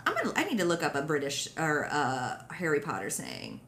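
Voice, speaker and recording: Woman podcast host, loose rambling delivery with casual swearing; slightly low voice, faint hiss behind. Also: wildly swooping pitch, fairly quick, a bit bright, reverberant. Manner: rambling, swears freely, trails off. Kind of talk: casual chat.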